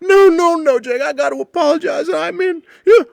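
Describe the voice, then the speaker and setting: A man voicing a drunk, remorseful man who pleads and gushes apologies in a strained, high, squeaky voice. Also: normal speed, vocal fry, a little mellow, no echo, full character voice. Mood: pleading apology. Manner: pleading and overwrought.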